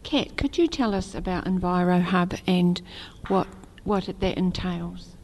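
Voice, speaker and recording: Soft-spoken woman interviewer. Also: lowish voice, measured pace. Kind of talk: interview questions.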